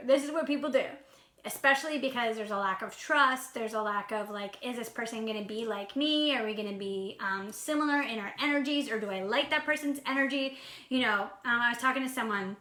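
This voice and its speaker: A woman in her thirties, a sales coach, talking casually and quickly on a live stream, bubbly and laughing often. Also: mid-range voice, pushed and bright, echoey room. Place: indoor room at home.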